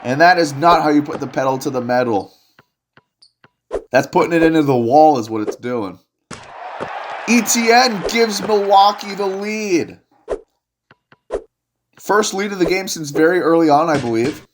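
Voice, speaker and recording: Young male sports caller, slightly high voice, jokey energy, faint noise behind. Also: fairly quick. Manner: excitable, jokey, rises to shouts on big plays. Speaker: play-by-play commentator. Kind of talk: solo video game basketball commentary.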